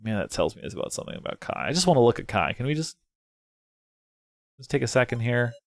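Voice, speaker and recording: A young man casually narrating his way through a story game, thinking out loud, excitable and prone to swearing. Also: mid-range voice, fast, vocal fry. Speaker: game let's player. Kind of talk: casual gameplay commentary.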